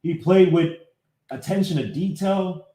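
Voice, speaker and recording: A man hosting a casual live-streamed sports podcast, breaking down game clips and greeting viewers by name in an animated way. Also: high-pitched, measured pace. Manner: talks while fumbling with his computer. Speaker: podcast host. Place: home setup, live streaming. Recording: echoey room.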